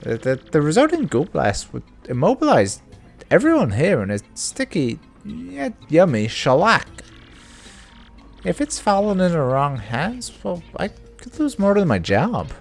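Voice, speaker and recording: A man's voice: on the high side, wildly swooping pitch, unhurried, vocal fry, faint music behind, voice pushed up, heavily acted. Man doing a stammering nervous businessman. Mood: anxious. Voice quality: stammering, anxious.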